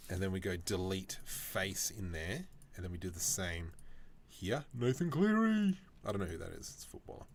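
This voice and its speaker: A man's voice: low voice, steady tone, a little fast, slight background noise. A man chatting casually on a live stream while he works, reacting to viewer comments with jokes.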